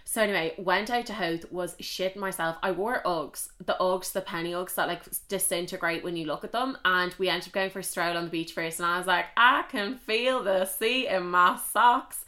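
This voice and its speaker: A young adult woman with an Irish accent, telling a story in a chatty, animated way and swearing casually. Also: fairly low pitch.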